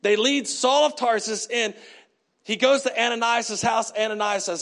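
A man preaching a sermon as pastor, telling the story in an animated way and acting out the characters. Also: extremely high pitch, a little slow, gravelly.

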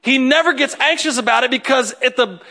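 A man's voice: very high-pitched, brisk, bright, forceful tone. A male pastor giving a humorous, conversational sermon and talking straight to the congregation. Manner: joking, talks straight to the congregation.

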